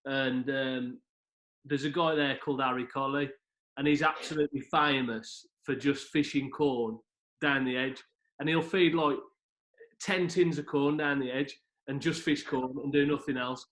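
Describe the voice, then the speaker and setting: A man's voice: medium pitch, fairly even intonation, a little slow, a bit bright. A man chatting casually on a video call, often asking for agreement. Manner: chatty, laughs easily, asks for agreement. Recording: echoey room on a video call.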